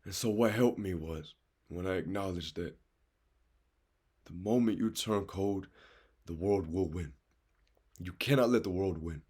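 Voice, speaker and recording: A man's voice: sits low, measured pace, long pauses, darkish tone, husky. A man giving a raw, earnest, confessional monologue of life advice, speaking straight to the listener, blunt and swearing freely.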